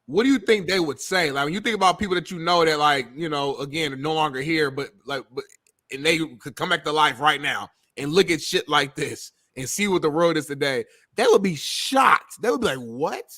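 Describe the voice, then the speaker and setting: Preachy co-host, slightly high voice, dry sound. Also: male voice, brisk, sharp tone, no room sound. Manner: preachy, slangy, emphatic. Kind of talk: casual talk-show chat.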